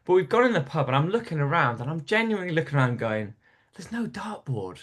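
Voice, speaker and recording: A man's voice: a little high, very animated, rapid-fire, a bit bright. A man from North East England, a stand-up comedian, telling stories in a casual podcast chat with frequent restarts. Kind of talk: storytelling in casual interview.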